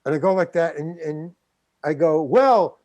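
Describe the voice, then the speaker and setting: A man's voice: fairly high pitch, little pitch movement, moderate pace, dark tone, dry recording, highs cut off. An older man, a guest actor, telling a story in an interview and acting out the quotes. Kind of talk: anecdotal storytelling.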